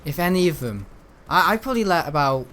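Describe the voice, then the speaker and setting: Fairly high-pitched, very animated, quick and a bit bright, this young gaming host rambles casually over gameplay, swapping school stories and mimicking those involved. Slight background noise is present.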